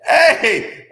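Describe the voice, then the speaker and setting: A man's voice: very high voice, pushed and bright, roomy sound. A man streaming casual reaction commentary on news, laughing often and joking as he talks.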